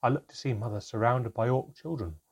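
A man reading a fantasy story aloud, slowing down for dramatic moments. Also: mid-range voice, slightly rough. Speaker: narrator. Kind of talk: scripted story narration.

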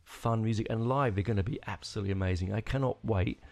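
Gravelly man rambling enthusiastically. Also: fairly low pitch, quick pace, a little mellow. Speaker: podcast host. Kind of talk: casual solo rambling.

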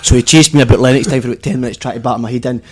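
A man, a former footballer, telling stories in casual football chat, excitable, swearing and repeating himself. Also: mid-range voice, rapid-fire. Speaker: podcast co-host, former footballer.

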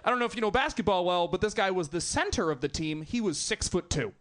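Animated high-voiced comedian doing crowd work. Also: male voice, fast talker. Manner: animated, laughing between jokes. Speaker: stand-up comedian. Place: comedy club stage.

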